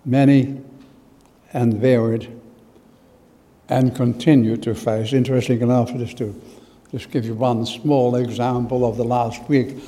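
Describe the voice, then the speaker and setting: Slow, mellow Australian preacher in a hall. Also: male voice, mid-range voice, level tone. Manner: emphatic, swings from loud stress to hushed asides. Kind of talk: sermon with personal testimony. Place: church.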